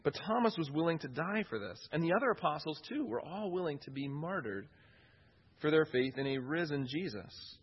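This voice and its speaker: A man's voice: on the high side, animated, brisk, husky, lo-fi sound. A man preaching a sermon in an earnest way, often repeating key phrases for emphasis.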